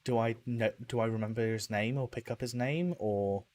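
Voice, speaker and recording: A man's voice: mid-range voice, moderate pace, a little mellow, no echo. Casual male tabletop player. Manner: casual, hesitant. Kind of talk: tabletop game play.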